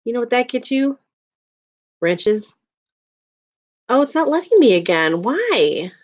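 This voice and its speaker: A woman's voice: fairly high pitch, very animated, slow, highs cut off. A woman hosting a casual livestream, chatting with viewers, venting and laughing often. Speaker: livestream host reading chat.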